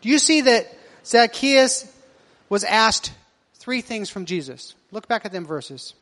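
A male pastor with a very high, a bit bright voice preaches a sermon, very animated yet at a measured pace. He keeps posing rhetorical questions to his congregation, and his words echo through a church hall with a long reverb.

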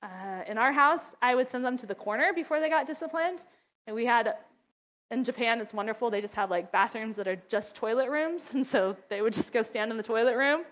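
Woman, middle-aged, slightly high voice, casual parenting advice, chatty, laughs often, mock-scolding asides. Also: expressive, a little fast, fairly bright tone. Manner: chatty, laughing, acting out her own scolding. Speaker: mother and ministry wife giving parenting advice.

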